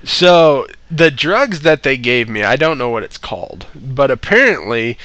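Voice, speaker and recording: A man's voice: mid-range voice, sing-song, measured pace, fairly bright tone, no room sound. A man casually telling a story, swearing a lot and laughing between lines.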